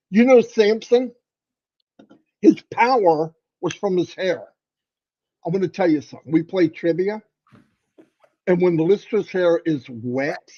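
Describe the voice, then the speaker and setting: A man co-hosting a casual livestream, playfully teasing people in a voice that sits on the higher side. His sound comes through a muffled video-call line. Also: a little mellow. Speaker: livestream co-host.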